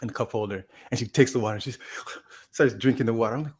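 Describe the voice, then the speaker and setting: On a podcast, a male co-host rambles through a long story at a fast clip, filling it with "like" and restarts and acting out what people said. His mid-range voice is a little mellow with a breathy edge.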